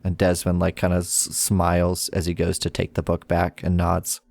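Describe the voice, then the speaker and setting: A game master running a tabletop game with animated, often laughing narration. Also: sits low, normal speed, vocal fry.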